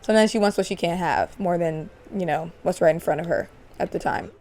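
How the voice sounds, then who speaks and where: A woman's voice: lowish voice, fairly quick, a little mellow. A woman hosting a gaming channel, narrating a life-sim let's play in a chatty way, speculating about her characters with gasps and laughs.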